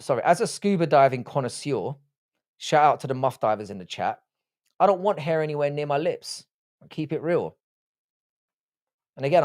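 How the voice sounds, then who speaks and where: Fairly high in pitch yet darkish in tone, this young man's voice comes through a desk microphone as he sits hosting a laid-back stream. He reads out chat messages and answers them crudely and bluntly, joking and cursing freely.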